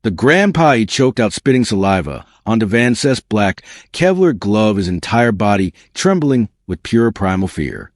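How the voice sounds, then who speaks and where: Dramatic low-voiced male narrator. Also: lively intonation, measured pace, few pauses, dry recording, studio quality. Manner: intense, dramatic delivery.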